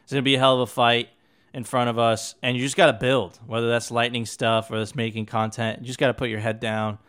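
A mid-pitched man hosts a casual podcast with plenty of enthusiasm and swearing. He often trips over his words and repeats them as he talks. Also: little pitch movement, fast talker, fairly bright tone, clear, resonant tone. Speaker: podcast host. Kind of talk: casual chat.

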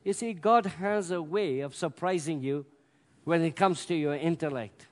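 A man preaching a sermon with emphatic delivery that swells to loud peaks. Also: on the high side, moderate pace. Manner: emphatic, rising to loud peaks, acts out scripture voices. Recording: long hall reverb.

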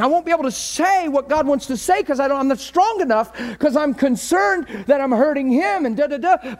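High-voiced passionate male preacher. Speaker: pastor. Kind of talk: sermon.

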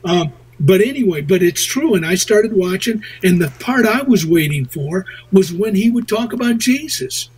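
A man hosting a show, telling rambling stories in casual chat with a husky voice. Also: high-pitched, expressive, moderate pace, hardly any pauses, darkish tone, poor audio. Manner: rambling, chuckling storyteller. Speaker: radio show host.

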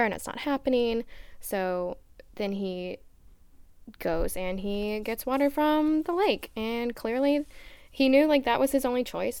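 A woman's voice: medium pitch, creaky, darkish tone, clean tone, dry recording. A young adult woman co-hosting a podcast, recapping a book in a chatty, casual way. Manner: chatty, filler-heavy recapping. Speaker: podcast co-host.

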